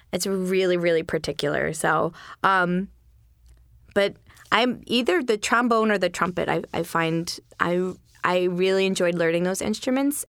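A woman's voice: lowish voice, no echo, studio quality. A woman in her thirties, a music teacher, chatting in an interview and telling stories with many fillers and restarts. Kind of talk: casual interview chat.

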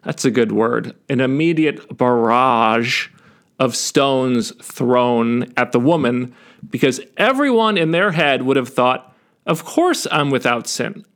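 A man's voice: slow pace, a bit bright. A man giving a sarcastic, mocking monologue as a vlogger, retelling fables with jokes and laughs. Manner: sarcastic and mocking, with sudden high jumps.

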